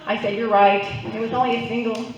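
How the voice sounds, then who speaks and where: A woman's voice: fairly high pitch, level tone, a little fast. Woman doing stand-up in an echoey club. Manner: playful, chatty, works the crowd. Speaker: stand-up comedian. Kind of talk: stand-up comedy set. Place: club stage, live audience. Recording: roomy, distant, dull live recording.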